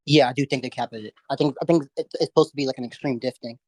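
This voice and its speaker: A man's voice: medium pitch, fairly even intonation, fast, darkish tone, no echo. A young man in a casual online debate, insistent and at times mumbling.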